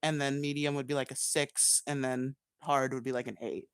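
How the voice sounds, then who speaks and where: A man's voice: mid-range voice, little pitch movement, normal speed, clean tone, dry recording, studio quality. A man hosting a casual podcast chat with friends, laughing often and answering questions with lots of "like.". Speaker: podcast host pitching a game idea.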